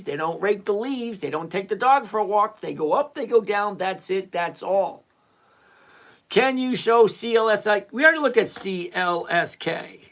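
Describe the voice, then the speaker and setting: Blunt streamer host, mid pitch, lectures chat, repeats stuff, bit exasperated. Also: fairly bright tone. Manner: mildly profane, exasperated asides. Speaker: stock trading livestream host. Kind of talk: casual live-stream chat answering viewers.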